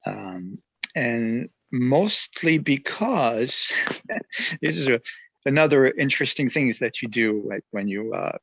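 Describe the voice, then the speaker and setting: A musician with a French accent, telling stories in a casual interview, animated and laughing often. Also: male voice, mid-range voice, slow, vocal fry, husky, no echo, dull audio. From near Geneva. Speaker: musician guest.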